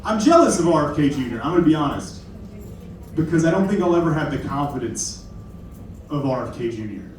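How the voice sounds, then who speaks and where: A man's voice: a little high, sing-song, a little fast, darkish tone, a little hiss or hum. A young man from Kentucky doing a stand-up comedy set, rambling and self-deprecating with apologetic asides. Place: comedy club stage. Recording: very echoey room from far off.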